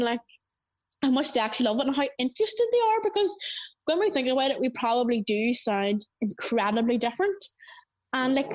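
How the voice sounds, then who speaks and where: High-voiced Northern Irish woman. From Northern Ireland. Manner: enthusiastic, chatty. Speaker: interview guest, frog-raising creator. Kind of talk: casual interview answers.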